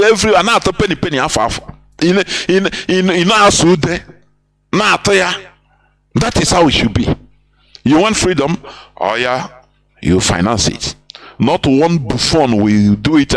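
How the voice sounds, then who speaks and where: Preachy radio host. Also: male voice, a little high, fairly bright tone, rough recording. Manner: preachy, rambling, switches into Igbo phrases. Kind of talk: impassioned radio talk.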